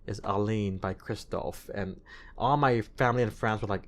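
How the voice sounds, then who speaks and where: A man with a slightly low voice and a light non-native accent talks as an interview guest. He is earnest and expressive, and he often stumbles and restarts his phrases. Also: normal speed. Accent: light non-native accent in his English. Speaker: guest, recording artist and actor. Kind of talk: casual interview chat.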